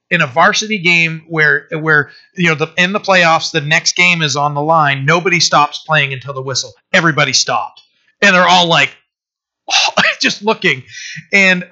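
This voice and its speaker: Middle-aged pastor guy rambling thru a sermon, fairly high voice, dull lo-fi sound. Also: sharp tone. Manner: rambling, many restarts and fillers. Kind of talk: conversational sermon.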